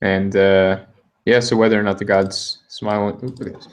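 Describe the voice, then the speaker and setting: A man running a tabletop role-playing session as game master. He talks casually and loosely. His voice sits a little low. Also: level tone, brisk. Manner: casual, loose, with fillers and asides.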